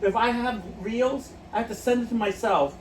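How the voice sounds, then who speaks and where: A man's voice: very high-pitched, moderate pace. A man co-hosting a podcast, telling stories in casual chat and laughing often through them. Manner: giggly, laughs through his own stories. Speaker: podcast co-host. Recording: roomy echo, distant mic, faint noise.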